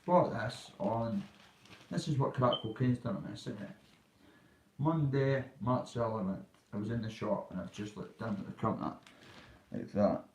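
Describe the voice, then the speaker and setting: A man's voice: fairly low pitch, moderate pace, slight background noise. A man in his thirties with a Dundee Scottish accent, talking in a blunt, rambling monologue full of local slang. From Scotland. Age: 30s. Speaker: vlogger. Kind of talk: casual monologue. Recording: roomy and off-mic.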